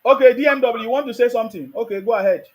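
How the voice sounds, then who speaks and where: His very high, darkish-toned voice races as this Nigerian-accented man runs a heated debate on his live call-in stream. Combative, he keeps hammering his demands repeatedly.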